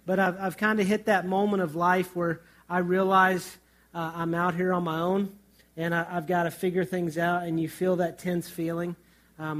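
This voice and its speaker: Man, high-pitched, middle-aged pastor, humorous storytelling sermon. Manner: storytelling with humor and vivid childhood anecdotes.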